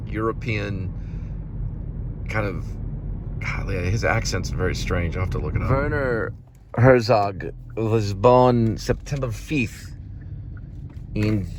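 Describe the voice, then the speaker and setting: Rambling man vlogging in a car. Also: low-pitched. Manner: rambling, self-amused, many restarts. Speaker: vlogger delivering food. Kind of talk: casual rambling vlog. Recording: car and road noise.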